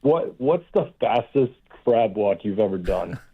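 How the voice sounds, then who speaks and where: A male caller to a talk show, eager and slightly halting. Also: lowish voice, animated, husky. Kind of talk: casual chat. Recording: tinny phone line.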